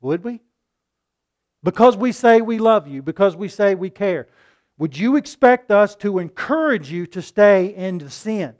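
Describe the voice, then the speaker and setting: Swinging from loud to hushed, a high-pitched man delivers an expressive, unhurried sermon with passion, throwing rhetorical questions at the room.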